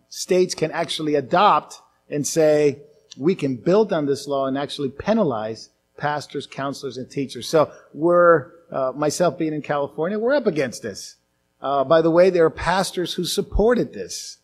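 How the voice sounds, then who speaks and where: Animated man preaching at a conference. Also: fairly high pitch, moderate pace, a little hiss or hum. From outside the US. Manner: animated preaching with mocking quoted voices. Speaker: pastor. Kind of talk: conference sermon.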